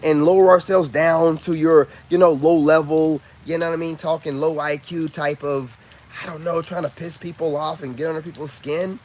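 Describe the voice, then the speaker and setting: Loose-talking mocking man with bright pitch. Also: a little hiss or hum. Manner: loose, mocking, lots of filler phrases. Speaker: online commentator. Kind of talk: casual rant to camera.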